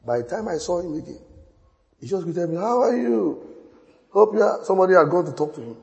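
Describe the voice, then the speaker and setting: A man preaching a sermon, telling stories with quoted dialogue and building to shouts. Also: high voice, expressive, fast talker, gravelly. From Nigeria. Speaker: pastor. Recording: long hall reverb.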